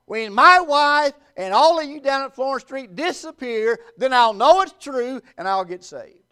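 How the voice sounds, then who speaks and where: A man's voice: very high voice, lively intonation, unhurried, sharp tone, smooth, full character voice. A male preacher quoting a grown man who jokes about the rapture. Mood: wry. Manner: wry, mocking.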